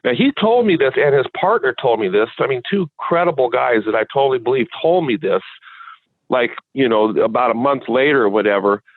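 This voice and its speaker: A man from Washington State, a guest in an interview, telling a long rambling story with halting restarts. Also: mid-range voice, no room sound. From Washington State, USA. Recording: dry, tinny phone line.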